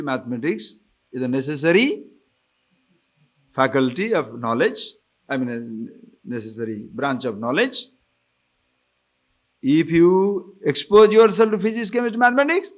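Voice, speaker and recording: A man teaching scripture in a lively, animated way. He laughs often and keeps asking his listeners whether they follow. His voice sits fairly high for a man. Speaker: spiritual teacher. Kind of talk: scripture discourse.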